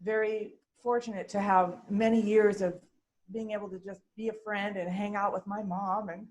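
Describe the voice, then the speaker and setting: A woman giving an unprepared eulogy for her mother over a video call, emotional and holding back tears, soft and hesitant with trailing pauses. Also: mid-range voice, level tone, low-quality recording. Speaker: daughter speaking at mother's online funeral.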